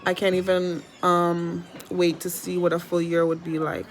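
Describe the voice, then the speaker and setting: A woman's voice: lowish voice, flat delivery, moderate pace, slight background noise. Chatty woman vlogging at home. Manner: chatty, rambling, with fillers. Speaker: vlogger with a pet parrot. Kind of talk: casual chat to camera.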